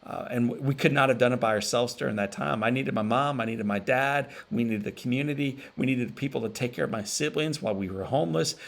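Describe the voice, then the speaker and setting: A man with a gravelly, creaky voice delivers an inspirational keynote at an even middle pitch. He tells his story with emotion, pausing and repeating phrases for weight. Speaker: motivational speaker. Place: virtual event stream.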